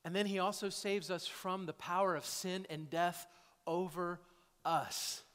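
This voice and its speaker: A man's voice: sits high, fairly even intonation, measured pace, a bit bright, smooth. A male pastor preaching a sermon in a church, talking conversationally and often tagging his points with "right?" or "okay?". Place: church sanctuary. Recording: echoey hall.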